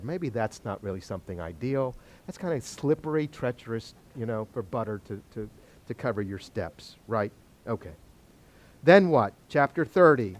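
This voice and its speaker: Animated man teaching scripture. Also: mid-range voice, normal speed. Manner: animated, joking, asks the class questions. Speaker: Bible study teacher. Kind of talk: Bible study lecture.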